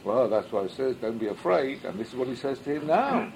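A man's voice: mid-range voice, very animated, brisk, creaky, darkish tone, slight background noise, rough recording. A man teaching a Midrash class as a rabbi, reading Hebrew and then translating it, and asking rhetorical questions that he answers himself. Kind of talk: Midrash study lesson.

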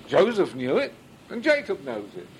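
A man's voice: sits high, wildly swooping pitch, moderate pace, slight background noise, rough recording. A man teaching a Midrash class as a rabbi, reading Hebrew and then translating it, and asking rhetorical questions that he answers himself. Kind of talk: Midrash study lesson.

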